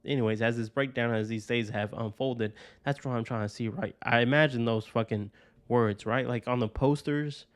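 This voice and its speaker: A man's voice: medium pitch, steady tone, moderate pace, dry recording. Rambling, cursing man with a dry voice. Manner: rambling, profane, keeps tagging lines with "right?". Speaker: podcast host. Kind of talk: casual personal monologue.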